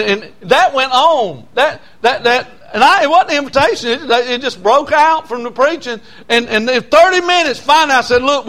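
A male preacher delivers a storytelling sermon. His voice sits high for a man, and his folksy, repetitive delivery grows loud when he is stirred.

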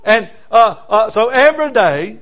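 A man's voice: sits high, very animated, a little slow, fairly bright tone. A man with a Southern US accent preaching a folksy, fervent sermon, retelling a Bible story. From South Carolina.

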